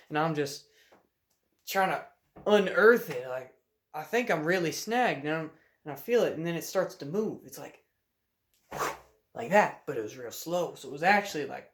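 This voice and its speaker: A young man with a slightly high voice tells a fishing story to the camera in a loose, laid-back drawl. He talks from his room at home and breaks into loud shouts as he acts out the story. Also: animated, normal speed, long pauses. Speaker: vlogger telling a fishing story.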